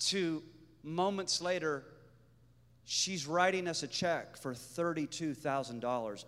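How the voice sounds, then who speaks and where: A man preaching, telling a testimony story with animated energy and acting out the voices of the people in it. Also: on the high side, a little slow. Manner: animated storyteller, acts out voices, shouts to the crowd. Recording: echoey hall with long reverb.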